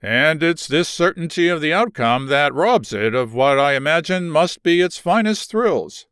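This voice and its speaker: A man's voice: a little high, animated, moderate pace, fairly bright tone, clean tone, no echo, clean studio sound. A man reading the part of a shy, earnest young boxer who speaks hesitantly.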